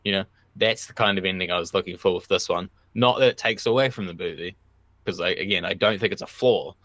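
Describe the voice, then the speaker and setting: A man's voice: deep voice, fast, a bit bright, dry recording. A man co-hosting a movie podcast in casual chat, laid-back, swearing freely and laughing often. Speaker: podcast co-host.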